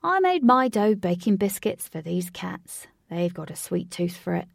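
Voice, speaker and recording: A woman's voice: lowish voice, sing-song, moderate pace, creaky, no echo, studio quality, exaggerated voice. A woman voicing a small, suave, self-assured man who talks with a cool, slangy swagger.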